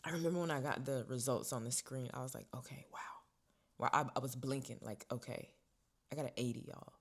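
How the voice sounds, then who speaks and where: A young woman vlogger tells a personal story casually and expressively, sinking into hushed whispers and rising to loud bursts. Her voice is very deep and her pace brisk.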